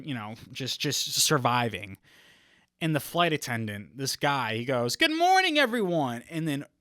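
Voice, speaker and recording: A young man hosting a comedy podcast alone, riffing in a rambling, deadpan way and laughing at his own lines. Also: mid-range voice, no echo, clean studio sound. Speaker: podcast host. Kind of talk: comedic solo podcast monologue.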